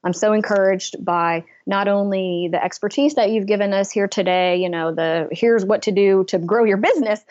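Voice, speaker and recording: A woman's voice: medium pitch, steady tone, normal speed, few pauses, a little mellow. Earnest woman, lo-fi sound. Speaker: business coach. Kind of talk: casual interview storytelling.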